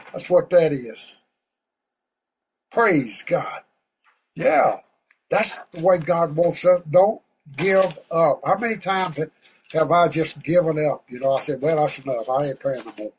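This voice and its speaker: A man preaching a fervent, folksy sermon to an online group over a video call, breaking into shouts of praise. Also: a little high, a little hiss or hum, poor audio.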